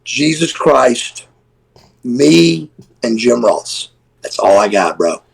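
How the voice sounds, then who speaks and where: Gravelly, husky storytelling man. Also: mid-range voice, slow pace, low-quality recording. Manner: animated, profane storyteller who acts out quoted voices. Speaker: guest, former pro wrestler. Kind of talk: casual storytelling on a live stream.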